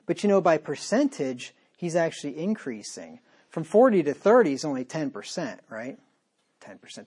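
A man's voice: fairly high pitch, a little mellow. A man preaching a sermon in a conversational way. He reads scripture aloud, then breaks it down plainly and often checks in with the listeners as he goes. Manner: conversational, with frequent "right?" and "you know". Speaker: pastor.

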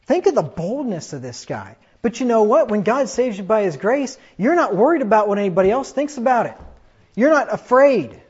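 A man's voice: sits high, big pitch swings, brisk, darkish tone, breathy edge, dull audio. A man preaching a fiery sermon, reading scripture aloud and mocking his opponents in put-on voices. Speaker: pastor.

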